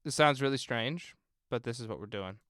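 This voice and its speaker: Bright, crisp-voiced man mixing music live. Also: mid-range voice, moderate pace, dry recording. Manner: chatty, thinking aloud while working; talks to viewers in chat. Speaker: film composer mixing game music. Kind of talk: casual live-stream mixing session.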